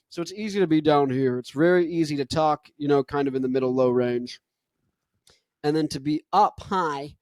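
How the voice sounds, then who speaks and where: In a dry recording, a young male host with a blocked nose chats about singing technique, rambling and loose with lots of "like" fillers. His voice is fairly high with a darkish tone, and his pace is moderate.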